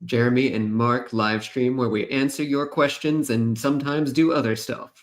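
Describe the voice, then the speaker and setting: A man co-hosts a developer live stream in relaxed chat. He speaks calmly and reflectively, checking in with "right?" His voice sits in the middle range for a man. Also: medium pitch, moderate pace. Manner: calm, reflective, drops in "right?".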